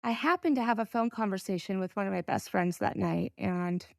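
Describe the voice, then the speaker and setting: A middle-aged woman recounts a painful family story as a podcast guest. She speaks earnestly and haltingly, stopping to gather herself between phrases. Her voice sits at an ordinary pitch, and the sound is close and dry with no room echo. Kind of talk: personal storytelling.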